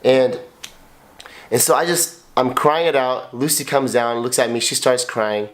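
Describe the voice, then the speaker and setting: A little slow and medium-pitched, a man in his thirties co-hosts a couple's podcast as the husband. He talks in a raw, confessional way, blunt and emotional, cursing often and repeating himself.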